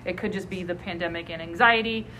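A woman's voice: fairly low pitch, fairly even intonation, quick pace, sharp tone, a little hiss or hum, rough recording. A woman talking in a podcast interview in a reflective, somewhat hesitant way.

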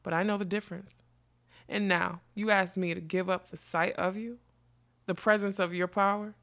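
A woman's voice: medium pitch, steady tone, normal speed, vocal fry, fairly bright tone. A woman reading a storybook, voicing a scheming old carnival witch with a sweet, smoky, mocking voice. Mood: raging. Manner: mocking, snarling when crossed.

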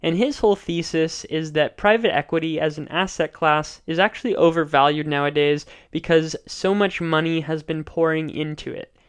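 A man hosting an investing podcast, recapping guest episodes alone in a measured, explanatory way. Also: a little high, fairly even intonation, clean tone. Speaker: podcast host.

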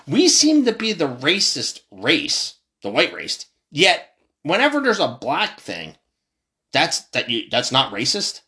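A man from the United States delivering a heated political rant, passionate and profane, his voice jumping high and then dropping low. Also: wildly swooping pitch, measured pace, bright, forceful tone. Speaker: commentator.

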